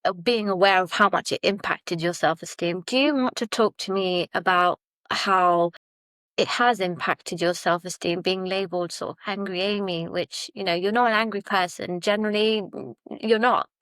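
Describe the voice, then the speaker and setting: A woman hosting a podcast, asking gentle, affirming questions. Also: medium pitch, steady tone, normal speed, dry recording. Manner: gentle, affirming, soft-spoken. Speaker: podcast host. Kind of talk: supportive interview questions.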